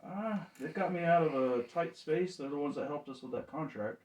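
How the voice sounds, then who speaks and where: A man playing in a tabletop game, joking and talking quickly in character. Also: a little high, expressive. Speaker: player. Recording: roomy and off-mic.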